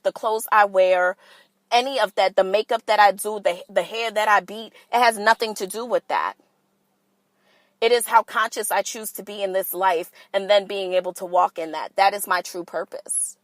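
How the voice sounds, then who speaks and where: A woman's voice: medium pitch, a bit bright, no echo, low-quality recording. A woman hosting a casual solo podcast, talking straight to her listeners in a candid, sassy and profane way. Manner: playful, talks straight to listeners. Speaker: podcast host.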